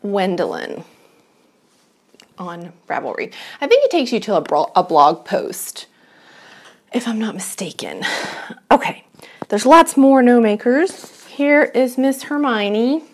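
A woman's voice: fairly high pitch, very animated, takes it slowly. A woman chatting casually to her own camera at home, rambling and self-deprecating as she shows her knitting projects. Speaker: knitting vlogger. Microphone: camera she is filming herself with.

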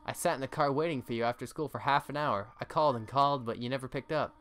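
A man voicing a kindly, fussing motherly goat monster woman from a video game, scolding gently and doting. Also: medium pitch, fast talker, natural voice.

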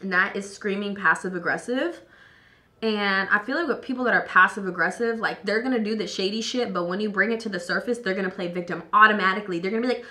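A young woman vlogging, tipsy and a little hoarse, chatting loosely and with plenty of swearing while doing her makeup at home. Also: medium pitch, fast talker, sharp tone. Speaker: beauty vlogger.

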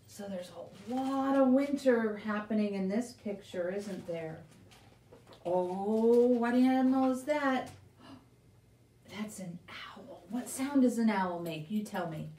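A woman's voice: mid-range voice, unhurried, few pauses. A woman librarian reading a picture book aloud at a live children's story time, asking questions, making animal sounds and teaching signs. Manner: animated, questioning, sound effects and sign language for kids. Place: library room. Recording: roomy echo, voice from a distance.

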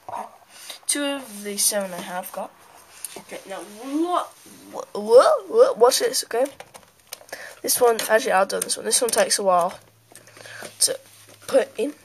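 Chatty woman vlogger for a home toy unboxing, rambling commentary, picked up by the camera's own mic with loud noise and crinkling packaging. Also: medium pitch. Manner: rambling, chatty, talks while handling things. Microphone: handheld camera's built-in mic.

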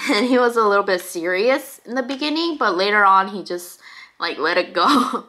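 A woman's voice: mid-range voice, animated, normal speed, pushed and bright. A young woman hosting a mukbang, chatting casually and confidingly to viewers while she eats, with frequent laughs. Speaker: mukbang host.

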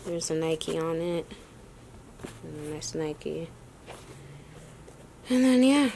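A woman's voice: low voice, lively intonation, slow, vocal fry, dark tone, a little hiss or hum. Breathless chatty young woman vlogging. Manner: chatty, addresses viewers as y'all, rambling asides. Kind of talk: casual sneaker haul vlog.

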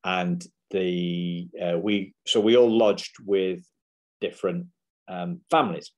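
A man's voice: low voice, steady tone, slow pace. A man hosting a podcast interview, speaking with frequent restarts and fillers. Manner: hesitant, many restarts. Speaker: podcast host.

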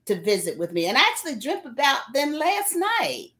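A woman's voice: high-pitched, very animated, moderate pace, over a noisy crowd. A woman pastor, a guest on a talk show, telling her personal story in an earnest, reflective way. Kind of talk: interview, personal testimony.

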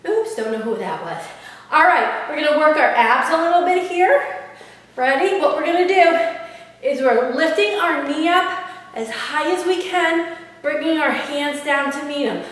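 A woman's voice: high-pitched, lively intonation, normal speed, a bit bright. A woman leading a workout class, counting reps and cheering the viewer on, out of breath at times. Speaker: fitness instructor. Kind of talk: workout instruction. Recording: echoey room, far from mic.

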